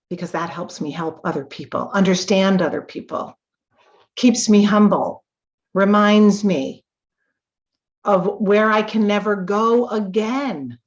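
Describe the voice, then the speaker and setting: Woman coach on a live call, talks slow and heavy on emphasis, kinda dull lo-fi sound. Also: medium pitch. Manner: emphatic, slow and deliberate with emotional bursts.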